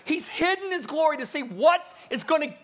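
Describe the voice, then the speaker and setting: Middle-aged male preacher, lively swooping delivery, bright tense tone, emphatic. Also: a little fast. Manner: animated, emphatic, acts out quotes with big pitch swings. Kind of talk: conference sermon.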